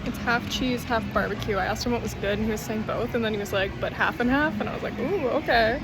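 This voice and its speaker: A young woman chats casually through a travel vlog on city streets outdoors, bubbly and self-mocking but worn out by the heat. Her voice is on the high side and fast, with background noise and loud background music in the recording.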